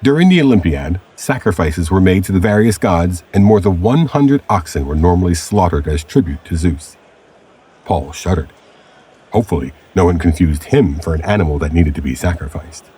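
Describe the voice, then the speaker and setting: A man with a very low, husky voice narrates a scripted time-travel story. He reads in a steady, measured way, like a storybook read aloud.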